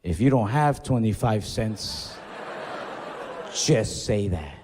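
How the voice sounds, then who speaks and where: A man playing an annoyed male fast-food cashier who answers in a curt, defensive way. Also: lowish voice, animated, in a large hall, noisy background, pitched below the performer's own voice.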